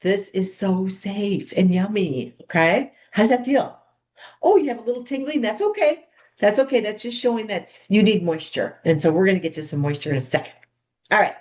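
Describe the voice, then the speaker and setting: A woman coaching others how to run a skincare party, demonstrating steps in a bubbly, chatty way and calling the group "you guys". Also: medium pitch. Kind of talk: hands-on demonstration talk.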